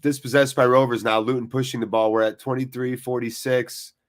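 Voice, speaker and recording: Excitable man hosting a football watchalong. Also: mid-range voice, a little fast. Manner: excitable, jokey, chatting with live viewers. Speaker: host of a live football watchalong. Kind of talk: live football watchalong commentary. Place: cold room attached to a house.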